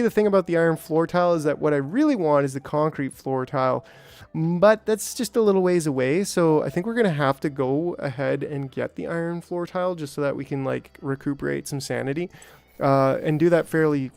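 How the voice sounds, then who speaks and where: Male streamer, slightly high voice, chatty self-talk with excited spikes. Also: gravelly, clear, resonant tone. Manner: rambling, self-talking, jokey with bursts of excitement. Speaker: gameplay streamer. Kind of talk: casual let's-play commentary.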